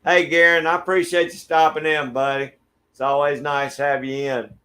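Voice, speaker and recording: A middle-aged man from Georgia with a Southern accent, hosting a relaxed livestream and greeting viewers by name. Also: on the high side, moderate pace. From Georgia, USA. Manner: friendly, laid-back, greets viewers by name. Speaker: livestream host. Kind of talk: casual chat reading viewer comments. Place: backyard shed.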